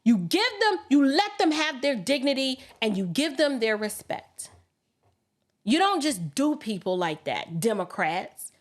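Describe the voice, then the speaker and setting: A woman's voice: sits high, sing-song, unhurried. A woman hosting a political commentary livestream, colloquial and emphatic, often mimicking others in quoted asides. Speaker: livestream host.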